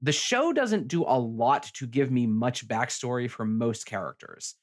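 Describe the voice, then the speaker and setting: A man of average pitch co-hosting a podcast, rambling through a casual review of a TV series. He restarts his sentences often and slips into playing out characters' lines as he retells scenes. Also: animated, measured pace. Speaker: podcast co-host. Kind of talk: casual chat reviewing a TV show.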